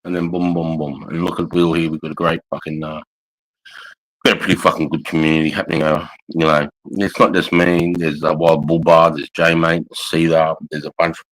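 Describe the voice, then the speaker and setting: An extremely low-pitched male voice with little pitch movement carries this casual live chat at a moderate pace, its tone fairly bright. The speaker, a middle-aged Australian on his couch at home, hosts a livestream full of swearing and calls of mate, and the recording is rough.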